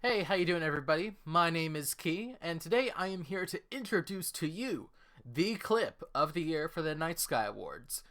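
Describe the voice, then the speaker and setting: Bright, joking guest award presenter. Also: mid-range voice, normal speed. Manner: relaxed, joking presenter reading nominees.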